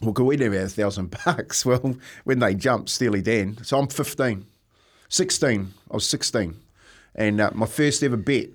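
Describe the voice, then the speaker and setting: A man's voice: on the low side, moderate pace. A man with a New Zealand accent, a former coach on a radio panel, telling anecdotes and laughing through them. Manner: laughing through his stories, restarts. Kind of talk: casual anecdote.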